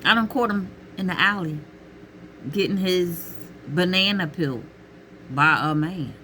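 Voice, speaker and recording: A middle-aged woman talking casually to camera with emphatic, expressive delivery, calling listeners honey and child and calling out to God. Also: lowish voice, measured pace, slight background noise. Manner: peppers talk with exclamations to God. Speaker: vlogger giving relationship advice.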